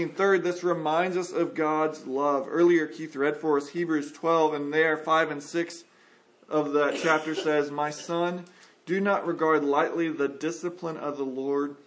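Man preaching a lively sermon. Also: a little high. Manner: animated, acts out quoted voices of the Bible figures.

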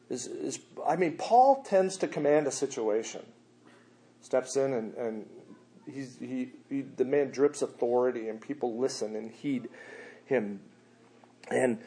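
A man preaching a sermon in a loose, slangy way, swinging between quiet asides and loud, animated bursts. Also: medium pitch, a little slow.

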